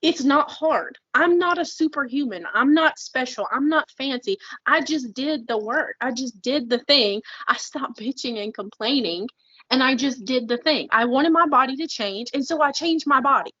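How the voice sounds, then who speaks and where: Woman, podcast co-host, blunt, swears, higher voice, dry and slightly dull sound. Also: moderate pace, bright, forceful tone, slightly rough, no room sound. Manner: blunt, fired-up, swears freely. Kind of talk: casual podcast chat.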